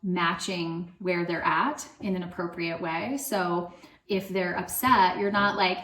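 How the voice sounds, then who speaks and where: A woman's voice: medium pitch, fairly even intonation, unhurried. Chatty woman in an echoey room. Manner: loose and chatty, lots of fillers. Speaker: parenting coach. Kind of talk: casual advice talk to camera.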